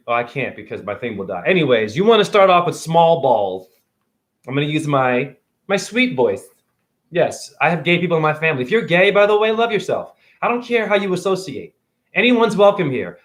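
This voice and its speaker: On a phone livestream, a man in his forties rants and preaches in a rambling monologue, constantly quizzing his viewers. His voice is high for a man, a bit bright, and jumps up and down in pitch. Blunt, preachy and combative, he swears freely.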